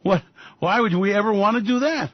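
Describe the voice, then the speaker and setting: A man's voice: sits high, fairly quick, no echo. A man hosting a radio show, ranting about markets in a profane, sarcastic way. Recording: dull dry lo-fi recording.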